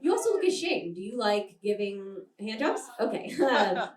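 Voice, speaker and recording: A young adult woman performs a stand-up comedy set at a live show, brash and rambling, often laughing through her lines. Her medium-pitched voice is sing-song at a normal speed, picked up from a distance by a handheld stage mic in a roomy venue.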